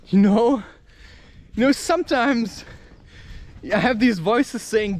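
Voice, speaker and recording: A man musing in a rambling, profane spiritual monologue, excitable and talking half to himself. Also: very high voice, takes it slowly, pauses often. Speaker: vlogger.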